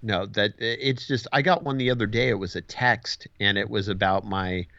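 A low-voiced man chatting casually, agreeable and a little rambling. The sound is dry and dull, with muffled highs. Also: normal speed, bright, forceful tone, dry recording. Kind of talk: casual chat.

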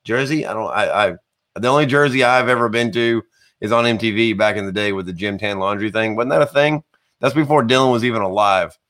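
A man, hosting a live online show in a chatty, rambling way with jokey shout-outs to viewers. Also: fairly low pitch, brisk. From American South. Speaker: host.

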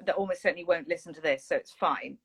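A woman's voice: sits low, fast talker, slightly rough. A woman co-hosting a podcast in casual, rambling, self-mocking chat. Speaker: podcast co-host.

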